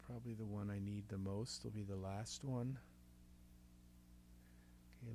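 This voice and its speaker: A man's voice: lowish voice, steady tone, a little slow, pauses often, background noise. A man with a Southern US accent, muttering to himself as he works through a music production tutorial and often trailing off mid-sentence. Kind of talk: thinking aloud while working in software.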